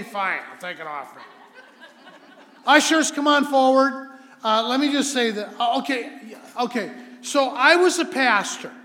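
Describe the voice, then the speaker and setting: High, bright-voiced preacher in an echoey church. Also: male voice. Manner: animated, rising to loud emphasis in stories. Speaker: visiting preacher. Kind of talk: sermon with storytelling and prayer. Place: church sanctuary. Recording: echoey hall sound.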